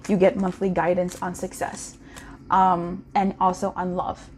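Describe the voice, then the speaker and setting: A woman talks through a casual pick-a-card tarot reading in a chatty, intimate way. She croons sing-song calls to the viewer and slows right down to stretch words when she makes a point. A faint hiss sits under her voice. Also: fairly low pitch, a little mellow.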